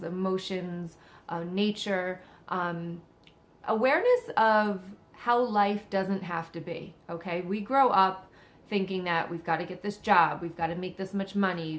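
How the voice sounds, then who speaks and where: A woman's voice: medium pitch, fairly bright tone. A young adult woman giving casual spiritual advice, talking in a loose, conversational way with many fillers and checks of "okay?". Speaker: psychic medium giving spiritual guidance.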